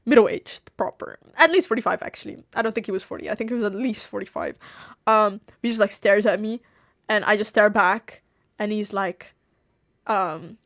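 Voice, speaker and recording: A woman streamer telling a story to her viewers in a casual chat, animated, laughing often and swearing freely. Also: mid-range voice, moderate pace. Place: home streaming setup.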